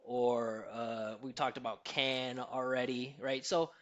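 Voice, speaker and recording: A man's voice: mid-range voice, fairly even intonation, slow pace, fairly bright tone, lo-fi sound. A man with an American accent, an accent coach answering interview questions in an emphatic, teacherly way and demonstrating pronunciations.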